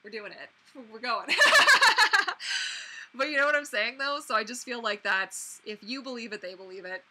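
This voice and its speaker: A young woman hosting a casual livestream, chatting to viewers in an animated way with many fillers and restarts. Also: a little high, brisk. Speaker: mermaid performer and livestream host. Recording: faint background noise.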